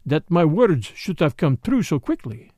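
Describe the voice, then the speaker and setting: A man's voice: fairly high pitch, big pitch swings, unhurried, darkish tone, dry recording, studio quality. A man reading an audiobook voices a courteous, self-assured middle-aged detective with a genial manner.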